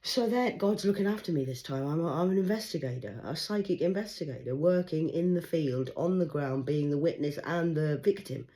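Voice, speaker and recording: A woman, reading tarot cards in a rambling livestream monologue, swinging between loud urgency and hushed murmurs. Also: low-pitched, animated, fairly quick, hardly any pauses. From England. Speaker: tarot card reader.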